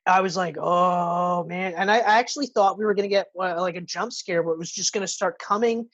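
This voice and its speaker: A woman's voice: medium pitch, fast, muffled recording. A woman co-hosting a podcast in casual movie review chat, retelling scenes with lots of swearing and acted-out lines. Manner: animated retelling, profane, acts out characters' lines. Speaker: podcast co-host.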